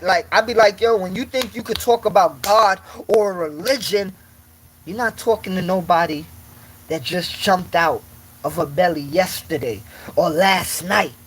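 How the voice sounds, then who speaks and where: High-voiced man ranting emphatically. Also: low-quality recording. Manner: emphatic, repetitive, confrontational street slang. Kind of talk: casual monologue rant.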